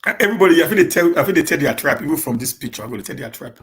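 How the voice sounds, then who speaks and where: With a fairly high, expressive and fairly bright voice, a Nigerian man from Edo State talks casually to viewers during a live Q&A stream. Pidgin English slips in, and he stammers and restarts, hurrying on purpose to keep from getting stuck.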